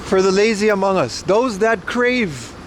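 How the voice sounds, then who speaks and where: A man putting on a slow, pompous announcer. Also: high-pitched, expressive, a little hiss or hum. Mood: mock grand. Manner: slow, drawn-out, grandiose delivery.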